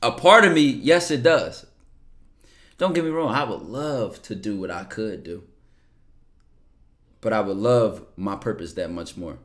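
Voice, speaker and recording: Blunt slangy young man, low voice. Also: animated, measured pace, pauses often, a bit bright. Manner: blunt, slangy, curses freely, repeats words. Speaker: streamer answering viewer questions. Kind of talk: casual livestream talk.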